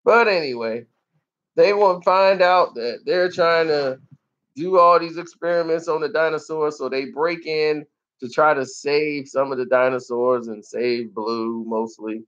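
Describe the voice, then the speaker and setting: A man reviewing a movie in casual talk, animated and laughing often as he acts out scenes. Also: on the high side, unhurried, highs cut off.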